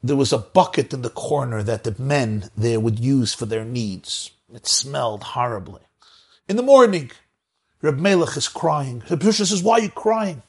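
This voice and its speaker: A man's voice: medium pitch, animated, moderate pace, breathy edge. A man giving a spiritual talk, telling stories in an emphatic way and stacking up repeated phrases. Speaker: spiritual teacher. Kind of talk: sermon storytelling.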